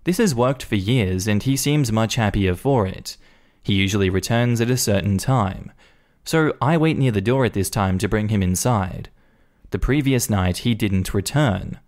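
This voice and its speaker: A man reading a first-person Reddit story aloud in an animated, indignant storytelling manner. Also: fairly low pitch. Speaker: story narrator.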